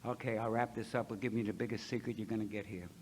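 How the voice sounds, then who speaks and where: A middle-aged man from Ohio, USA, speaks at a recovery convention, telling his recovery story to an audience in a folksy, blunt way and acting out the dialogue himself. His voice is fairly low with a steady, darkish tone and a quick pace, over slight background noise.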